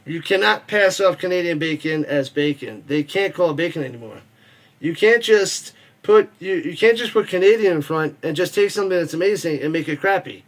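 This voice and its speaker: A man hosting a live football watch party, mixing casual rambling chat and joking with quick play-by-play calls and reading viewer comments. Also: a little high, animated.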